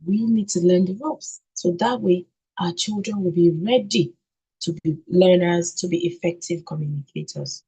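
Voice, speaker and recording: Female trainer, husky and low, video-call teaching voice, drills key words with rhetorical questions. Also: dark tone, poor audio. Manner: repeats key words, asks and answers own questions; sounds out letters slowly. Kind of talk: online training session.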